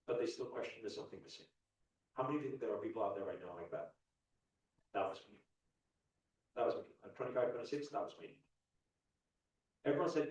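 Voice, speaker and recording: A man's voice: on the low side, expressive, fast talker, pauses often, a little mellow. A man in his thirties, a spiritual teacher giving a motivational talk to a live audience. He keeps putting questions to the crowd and repeats his points for emphasis. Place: large hall at a live event. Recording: echoey hall, speaker far from mic.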